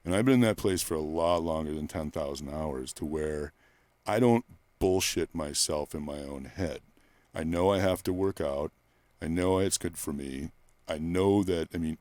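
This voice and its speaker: A male personal trainer in a candid interview, talking bluntly and profanely and rambling through stories, close to the microphone in a quiet room. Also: very deep voice, no echo.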